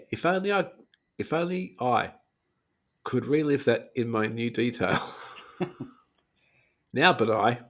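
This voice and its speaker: A man of about sixty, co-hosting a casual podcast chat and chuckling often. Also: mid-range voice. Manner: chuckles often, relaxed banter. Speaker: podcast co-host.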